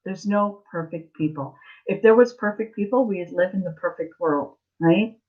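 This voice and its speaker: With a voice on the low side at a normal speed, a woman hosting a tarot live stream gives viewers a casual spiritual talk about life lessons. She repeats herself and keeps asking "right?" The sound is phone quality.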